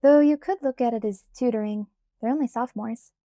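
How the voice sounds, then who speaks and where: An eager, wry teenage girl performed by a woman reading an audiobook speaks brightly and emphatically. The voice sits a little high with a mellow tone. The sound is dry and close. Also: brisk, no room sound, close to an everyday voice. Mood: upbeat.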